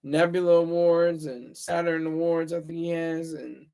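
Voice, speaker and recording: A man with a fairly high voice hosts his own stream and talks without a script. He wanders from point to point, stops to fix his own words and stumbles over his sentences, stating his opinions bluntly. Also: little pitch movement, unhurried, dark tone, clear, resonant tone. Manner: rambling, self-correcting, opinionated. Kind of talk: casual solo livestream monologue.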